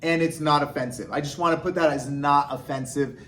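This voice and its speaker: A man's voice: a little high, fairly even intonation, fairly quick, a bit bright, slight background noise. A man teaching sign language step by step, patiently checking in with short "okay?" questions. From United States. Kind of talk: instructional explanation.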